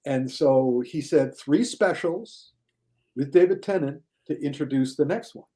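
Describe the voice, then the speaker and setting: Excited guy on a podcast, kinda high voice, warm and mellow, does whiny mocking voices. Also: unhurried. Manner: enthusiastic, mocks critics in a high whiny voice. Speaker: guest critic. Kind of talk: casual podcast chat.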